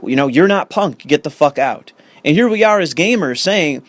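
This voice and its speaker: A man's voice: high voice, lively intonation, normal speed, dry recording. A young man ranting in commentary, profane and sarcastic, reading an article aloud and arguing with it. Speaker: commentary host.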